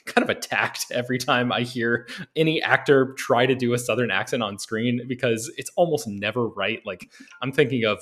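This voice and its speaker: A man from the American South hosting a casual film podcast, talking with many pauses and restarts. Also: on the low side, a bit bright. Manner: hesitant, many ums and restarts. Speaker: podcast host.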